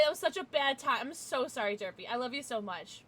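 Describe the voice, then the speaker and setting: A woman's voice: high voice, animated, a little fast, few pauses, a bit bright, a little hiss or hum. A woman streaming a video game, chatting casually with her viewers and swearing freely. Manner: chatty, swears freely, talks to chat by name. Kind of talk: casual livestream chat.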